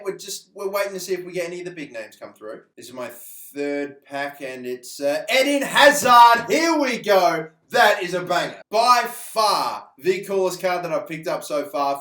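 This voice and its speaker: A man's voice: mid-range voice, echoey room. A man with an Australian accent, a YouTuber giving chatty, teasing, slang-heavy casual commentary.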